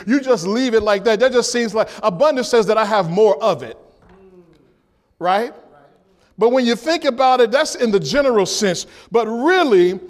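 A man preaching a sermon to his congregation, repeating key lines, asking the room questions and rising at times to a shout. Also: very high voice. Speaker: pastor.

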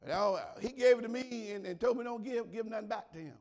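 A man preaching a sermon, swinging from shouted exclamations to quiet prayer and repeating words as he calls out to his congregation. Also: very high voice, fast. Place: church.

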